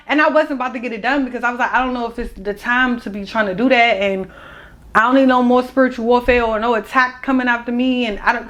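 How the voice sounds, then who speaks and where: A woman's voice: fairly high pitch, a bit bright. Candid young woman vlogging. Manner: candid, emotional, colloquial. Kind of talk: casual storytelling vlog.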